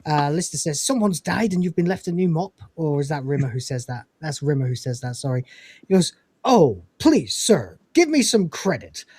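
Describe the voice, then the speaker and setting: Here a man's slightly rough, somewhat high voice moves at a normal pace, with no room sound in the recording. He's a podcast host doing casual episode recaps, vividly narrating scenes and voicing the characters' lines himself.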